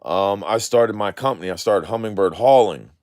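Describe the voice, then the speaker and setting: A man's voice: on the low side, normal speed, a little mellow, no echo, clean studio sound. A man talking candidly in a live stream, using slangy street speech with clipped words, rambling and swearing freely. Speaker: drone video creator. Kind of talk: casual live-stream chat.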